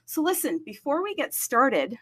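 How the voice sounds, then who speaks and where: A woman's voice: high-pitched, big pitch swings. Chatty woman hosting a livestream. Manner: chatty, upbeat, greets viewers city by city; frequent fillers, self-aware about talking fast. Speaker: livestream host. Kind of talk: casual crypto livestream chat.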